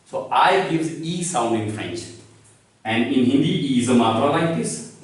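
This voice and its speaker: A man's voice: medium pitch, lively intonation, a little slow. A man teaching a lesson, explaining step by step and asking his own questions before he answers them. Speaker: French teacher. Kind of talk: classroom lesson. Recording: echoey room, far from the mic.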